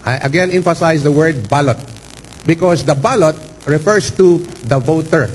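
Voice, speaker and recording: A man speaking as a lawyer for a candidate, making a formal manifestation before a canvass board, deliberate and formal, stressing key words and pausing with fillers. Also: a little high, slight background noise, rough recording. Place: hearing room.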